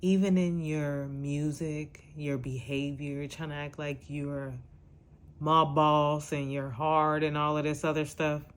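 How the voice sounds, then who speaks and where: A woman's voice: sits low, little pitch movement, slow. A woman hosting a podcast, scolding her subject in a blunt, exasperated rant. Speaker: podcast host. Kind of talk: casual reaction rant.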